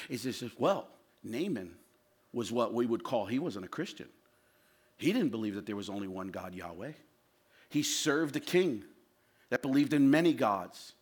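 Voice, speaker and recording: A male pastor preaching a sermon with passion, swinging from loud shouted lines to low, quiet asides. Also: animated, moderate pace, gravelly, husky.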